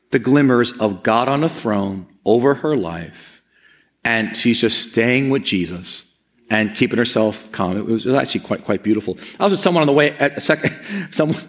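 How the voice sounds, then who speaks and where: A man's voice: mid-range voice, a bit bright. A man preaching a conversational sermon as pastor, earnest and often repeating words as he presses a point.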